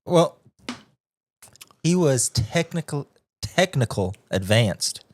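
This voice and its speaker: A man's voice: a little high, sing-song, slow, no room sound. Laid-back teasing podcast co-host man. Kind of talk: casual chat.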